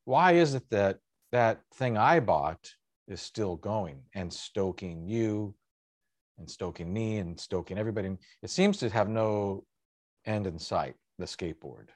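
A podcast host with a lowish voice chats in an easygoing, reminiscing manner. His sentences often trail off softly. The sound is dry and close, with no room echo. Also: lively intonation, measured pace. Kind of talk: casual conversation.

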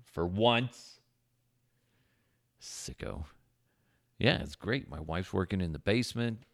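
A man's voice: deep voice, expressive, slow pace, creaky, dry recording, studio quality. A man hosting a casual podcast from his home office, crude and joking, swearing freely. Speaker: podcast host. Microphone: podcast microphone.

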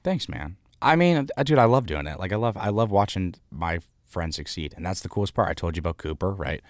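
Podcast guest, male, low pitch, dry close sound, rambling storyteller. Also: fairly quick, no room sound. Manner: animated, rambling anecdotes with fillers and swearing. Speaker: guest, founder of an artist house. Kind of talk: casual storytelling in an interview.

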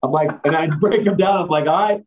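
A man's voice: on the high side, brisk, darkish tone. A man, a former strength coach, rambling through anecdotes in a casual chat with lots of fillers. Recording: dull lo-fi sound.

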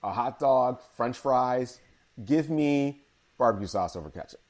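A man from Chicago who works as a sports broadcaster, telling stories in a casual interview, animated, with many fillers and restarts. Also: mid-range voice, measured pace.

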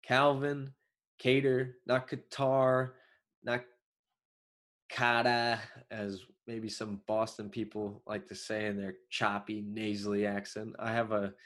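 A young man with a Long Island accent hosting an MMA show, giving excitable solo commentary with loose fillers and sudden outbursts. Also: lowish voice, normal speed, hardly any pauses.

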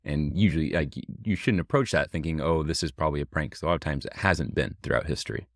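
A man hosting a podcast, asking measured, thoughtful questions in a casual interview. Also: extremely low pitch, dry recording, studio quality. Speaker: podcast host.

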